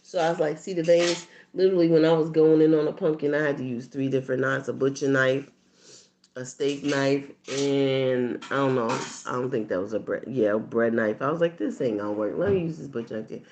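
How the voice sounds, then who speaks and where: A woman chatting casually on a livestream as a channel host, telling stories animatedly with bursts of laughter. She acts out quotes in squeaky high voices and drops to soft near-whispered asides. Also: fairly even intonation, fairly quick, a little hiss or hum.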